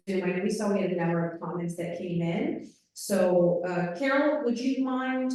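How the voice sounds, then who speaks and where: A woman moderates a live panel, politely passing along questions from the audience. Her tone is mellow and dark. She sounds distant, with heavy echo from the room. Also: medium pitch. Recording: echoey room, far from mic.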